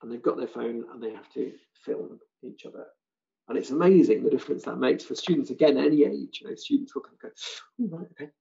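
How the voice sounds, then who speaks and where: A British man, a language teacher trainer, giving an animated online seminar talk and acting out other people's lines. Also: medium pitch, quick pace, vocal fry, lo-fi sound. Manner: animated, acts out students' and callers' lines.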